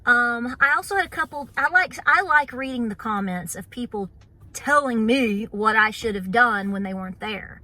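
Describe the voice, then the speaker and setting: Woman, Appalachian accent, casual chat, high-ish, bright, chatty with fillers. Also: expressive, normal speed. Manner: chatty, many fillers, playful mock voices. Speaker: homestead channel host.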